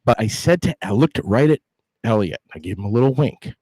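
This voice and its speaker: A man hosting a casual chat, telling animated stories with frequent restarts. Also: lowish voice, fairly quick, breathy edge, dry recording, low-quality recording. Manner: storytelling, animated, stumbles over restarts. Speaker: host.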